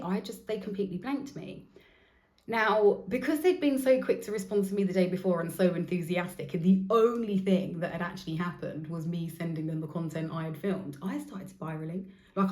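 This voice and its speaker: A woman's voice: on the low side, fairly quick, darkish tone, echoey room. A woman hosting her own show, telling a rambling personal story in a candid, casual way and swearing freely. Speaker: host.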